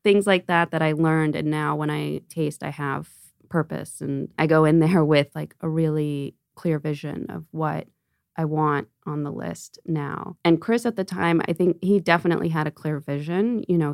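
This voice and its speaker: Low gravelly-voiced woman telling stories. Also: no echo, clean studio sound. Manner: animated storyteller, acts out quotes, laughs often. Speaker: restaurant owner and wine buyer guest. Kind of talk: casual podcast conversation.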